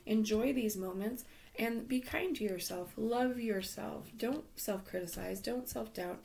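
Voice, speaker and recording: A woman's voice: medium pitch, creaky, darkish tone, slight background noise. A woman giving a tarot reading in a casual, advising way, losing her voice, with frequent ums and some half-whispered words. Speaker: tarot reader.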